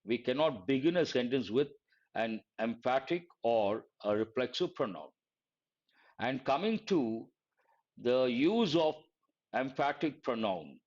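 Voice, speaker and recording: A man's voice: mid-range voice, muffled recording. A man teaching a live exam-prep lesson, repeating key words and quizzing his listeners. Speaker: English teacher.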